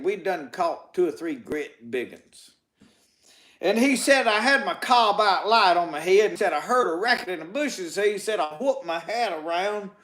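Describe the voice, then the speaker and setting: A storyteller with a high, fairly bright voice and a Mississippi Southern accent spins folk tall tales for a live crowd, the sound roomy around him. His delivery is rambling and folksy, linked by a steady chain of "said" and "he said."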